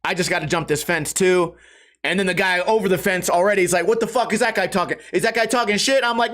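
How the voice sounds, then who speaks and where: A man's voice: fast talker, fairly bright tone. A man hosting his own podcast, telling a rambling, profane, self-mocking story and jumping his voice up when he acts out other people. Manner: raises pitch sharply when acting out others. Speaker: podcast host. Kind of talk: casual storytelling monologue.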